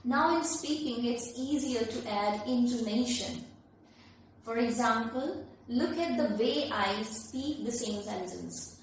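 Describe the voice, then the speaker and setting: A woman's voice: a little high, takes it slowly, a little hiss or hum. A woman, teaching a lesson in an emphatic, explanatory manner. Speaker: English teacher. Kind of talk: classroom lesson. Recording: very echoey room, voice from far off the mic.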